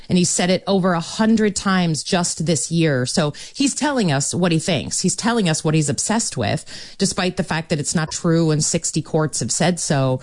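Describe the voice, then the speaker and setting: A woman with a notably low voice speaks as a senator in a political interview. She is measured and earnest, pausing on ums now and then. The sound is dry and close. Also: darkish tone, no room sound. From Michigan.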